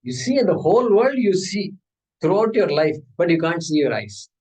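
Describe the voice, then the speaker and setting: Poor audio captures a man with a high, husky voice teaching scripture at a moderate pace. He's animated and playful, posing rhetorical questions and acting out little exchanges for the class.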